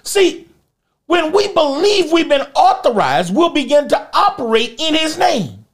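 Brief: church pastor, emphatic sermon delivery, lively retelling. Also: high-pitched, a little slow. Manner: emphatic preaching with vivid storytelling.

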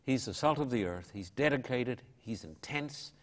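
A man's voice: mid-range voice, expressive, normal speed. An older Australian man, an evangelist and pastor, answering interview questions in a fervent, preacherly way.

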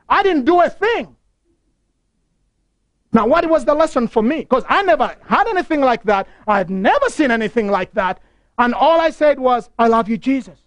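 A man's voice: very high-pitched, dry recording. A man preaching a broadcast sermon, telling stories with passion and repeating key phrases. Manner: impassioned storytelling with repeated phrases.

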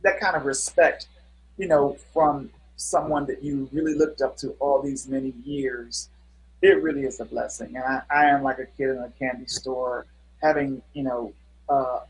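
A man's voice: mid-range voice, fairly even intonation, moderate pace, creaky, rough recording. A middle-aged man, a guest musician, telling stories in a casual interview with an earnest manner and many fillers.

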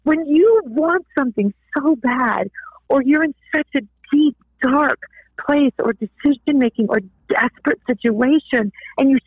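A woman's voice: high voice, no echo. A woman tells her story of faith in an earnest, heartfelt way, her voice rising with feeling. The sound is thin and narrow, like a telephone call, with no room around it. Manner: earnest, tearful at times. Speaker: guest author. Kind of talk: emotional personal testimony. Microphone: phone line. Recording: tinny phone line.

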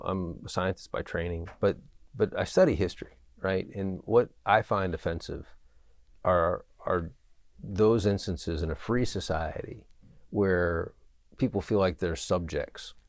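A man's voice: low-pitched, measured pace, no room sound. A man speaking earnestly and emphatically in conversation, often checking in with "right?". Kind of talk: casual conversation.

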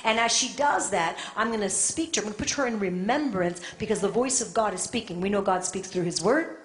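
A woman preaching a sermon with passion, her delivery swinging from quiet and intimate to loud and fervent. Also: mid-range voice, brisk. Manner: impassioned, swings from soft to shouting. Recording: echoey room.

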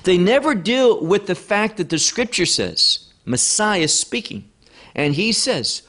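A man teaching a Bible study lecture, reading verses aloud and stressing key words with firm, deliberate emphasis. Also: on the high side, big pitch swings, pushed and bright.

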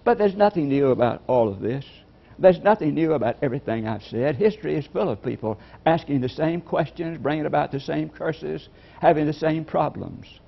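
A man delivers a sermon in a measured, reflective manner, pausing over scripture. His voice sits a little high and carries a gravelly fry. The recording is dull and lo-fi. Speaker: preacher.

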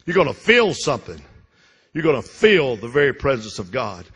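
Fervent preacher in a reverberant church. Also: male voice, mid-range voice, sing-song, normal speed, husky. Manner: fervent, repetitive, with sudden loud bursts and drops. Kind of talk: Pentecostal-style sermon. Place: church sanctuary.

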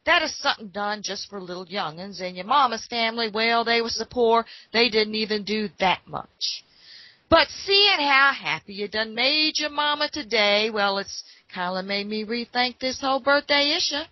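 A woman's voice: fairly high pitch, moderate pace, no echo, highs cut off, lightly acted. A woman voicing a kindly, plainspoken father who talks in a drawling, homespun way. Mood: thoughtful. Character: folksy old-fashioned father, plainspoken, kindly.

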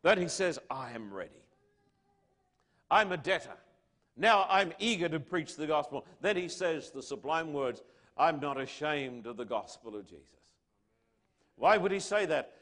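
A man preaching a sermon to his congregation, asking rhetorical questions and swinging between loud declarations and hushed lines. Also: a little high, expressive, measured pace, long pauses. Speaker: pastor.

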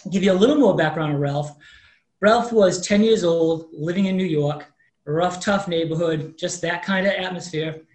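A man's voice: high voice, moderate pace. A man in his fifties, a mortgage professional, telling a story in an interview and acting out the people in it. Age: 50s. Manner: animated storyteller acting out quoted dialogue. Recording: roomy echo.

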